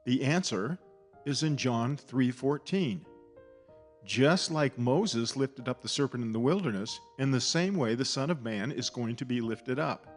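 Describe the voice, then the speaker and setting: A man giving a scripted, measured Bible teaching who slows to stress key words. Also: mid-range voice, animated, faint music behind.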